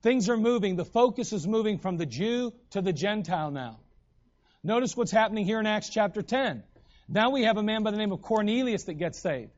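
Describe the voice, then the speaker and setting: High-voiced animated male preacher. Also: a little fast, dull audio. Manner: animated, acts out voices in retellings. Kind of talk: sermon.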